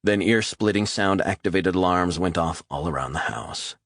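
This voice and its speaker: Deep-voiced man narrating a thriller. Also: moderate pace, fairly bright tone. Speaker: audiobook narrator. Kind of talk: scripted narration.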